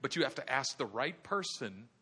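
A man preaching a sermon, telling the story dramatically and building to shouts at the high points. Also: moderate pace, husky. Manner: animated, dramatic storytelling with acted voices.

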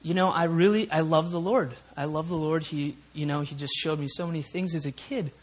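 Man from minnesota, church testimony, emotional, rambling, fillers, higher pitch. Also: fairly even intonation, fairly quick. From Minnesota, USA. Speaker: church member giving a testimony. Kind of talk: personal testimony at a prayer meeting.

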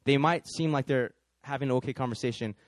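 A man's voice: mid-range voice, fast talker, no room sound. A man preaching a sermon, telling a story and acting out each person in it. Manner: animated, acts out every character.

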